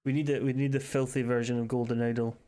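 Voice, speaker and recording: A man's voice: mid-range voice, flat delivery, fast, warm tone. A Scottish man streaming a game live, joking crudely and reading game text aloud hesitantly. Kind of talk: casual live-stream commentary.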